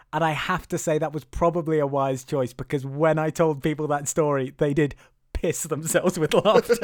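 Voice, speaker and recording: A man's voice: sits high, fairly bright tone. A man hosting a podcast in casual chat, teasing his co-host and breaking into laughter. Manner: laughing, stammering restarts, teasing.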